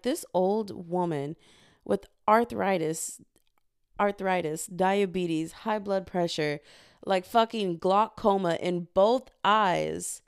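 A young woman from the United States, hosting a solo podcast and telling stories in an animated, chatty way full of profanity. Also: mid-range voice, gravelly, clean tone, no room sound, clean studio sound. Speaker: podcast host. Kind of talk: casual solo podcast storytelling.

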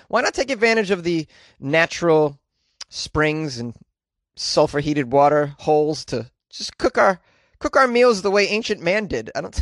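An American man hosting a comedy podcast, joking and rambling in a loose monologue with lively outbursts. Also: on the high side, no room sound, clean studio sound. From United States. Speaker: podcast host.

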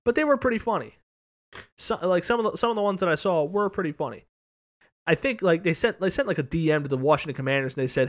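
A man's voice: on the high side, animated, fast. A man co-hosting a sports podcast in casual chat, rambling, repeating words and swearing freely. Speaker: podcast co-host. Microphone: podcast microphone.

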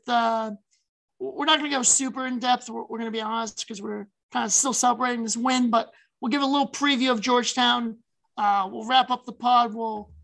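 Creaky-voiced woman talking college hoops. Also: fairly high pitch, low-quality recording. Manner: chatty, animated, frequent fillers. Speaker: podcast co-host. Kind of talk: casual sports chat.

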